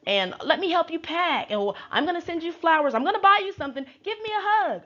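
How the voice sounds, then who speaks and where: A woman putting on a high, exaggerated accent to mock a defensive woman who gushes to make nice. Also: lively intonation, fast, sharp tone, muffled recording, heavily acted. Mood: mocking, gushing. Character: gushing, defensive woman making nice, mocked.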